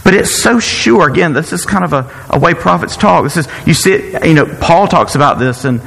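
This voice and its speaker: A man preaching a sermon in an earnest, halting way, often repeating words as he searches for the next one. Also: a little high, lively intonation, gravelly, a bit bright, husky, big-room sound, poor audio.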